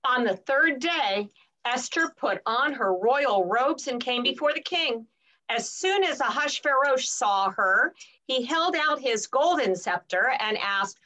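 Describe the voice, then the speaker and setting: A woman reading a scripture story aloud, slowly and expressively. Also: high-pitched, rough recording. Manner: slow and expressive.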